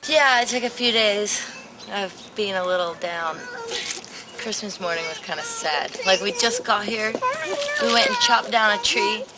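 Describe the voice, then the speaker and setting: A woman's voice: medium pitch, very animated, measured pace. A woman in a documentary recounting a family story with emotion, acting out the voices of the people she quotes. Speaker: musician interviewed in a documentary. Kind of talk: personal storytelling. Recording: heavy background noise.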